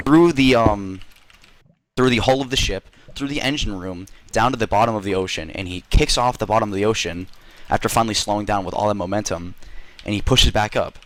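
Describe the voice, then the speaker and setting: A man's voice: on the low side, a little hiss or hum. A man telling a rambling, silly story to friends in a game voice chat, full of fillers and swearing.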